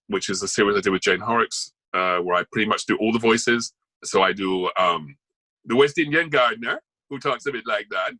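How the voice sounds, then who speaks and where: A man's voice: lowish voice, sharp tone, dry recording, rough recording. A man, an actor and voice artist, chatting as an interview guest and rambling through his news with many asides. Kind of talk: casual interview chat.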